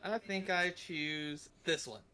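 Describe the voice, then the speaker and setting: A cheeky young spellcaster woman, played by a man, teasing and flippant. The voice sits a little high. It is a character in a tabletop game, with faint noise behind. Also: slow pace, sharp tone. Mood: casual. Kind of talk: tabletop game role-play.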